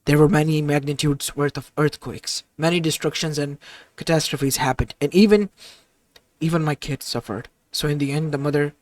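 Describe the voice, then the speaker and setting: List: motherly titan woman voiced by a man, tender, halting, fan audio story, dry close sound. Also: on the high side, steady tone, no echo, lightly acted. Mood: sorrowful.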